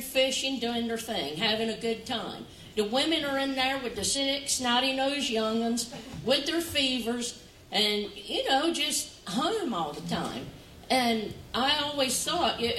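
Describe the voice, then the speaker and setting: A woman's voice: a little high, fairly bright tone. A woman with a Chesapeake Bay island accent, talking in a folksy, chuckling way about fishing families. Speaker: fishing community storyteller. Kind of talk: casual talk to an audience. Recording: echoey room from far off, faint background noise.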